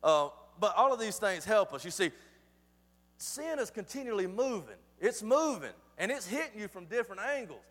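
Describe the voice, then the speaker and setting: Man, pastor, preaching, high-pitched, soft-to-loud swings, repeats phrases, echoing hall. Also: sing-song, moderate pace. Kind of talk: sermon.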